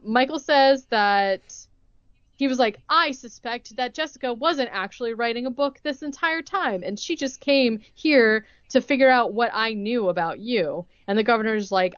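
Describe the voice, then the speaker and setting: A woman's voice: mid-range voice, no room sound, highs cut off. Rambling woman podcast host. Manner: rambling retelling full of "like" and acted-out quotes. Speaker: podcast co-host recapping a movie. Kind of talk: casual chat.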